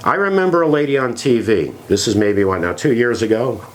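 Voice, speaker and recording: A man's voice: mid-range voice, brisk, a little hiss or hum. A man co-hosting a podcast, talking in a sarcastic, ranting way in casual chat. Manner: animated, sarcastic, rant-like. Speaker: podcast co-host.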